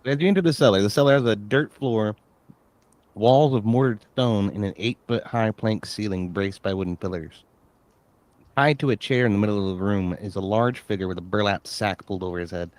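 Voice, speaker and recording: A man narrating a tabletop game as game master, relaxed and often pausing on fillers. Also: lowish voice, dry recording.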